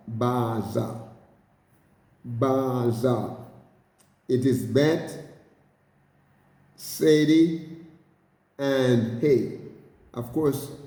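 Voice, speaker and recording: Halting bible teacher in an echoing hall. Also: male voice, mid-range voice, dark tone. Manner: halting, repeats words, addresses listeners as brothers and sisters. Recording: roomy hall with long reverb.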